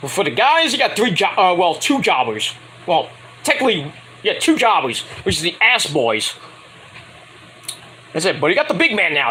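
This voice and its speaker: A man's voice: a little high, slight background noise. A man casually recapping a wrestling show in a rambling, profane way, acting out what the wrestlers said in mock voices. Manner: rambling, animated, acts out quotes in mock voices.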